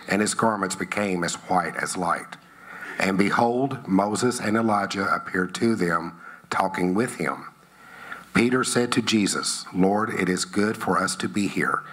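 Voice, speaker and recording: A man reading a Bible passage aloud in church, measured and phrase by phrase. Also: low-pitched, pushed and bright, slight background noise. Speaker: scripture reader. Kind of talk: scripture reading.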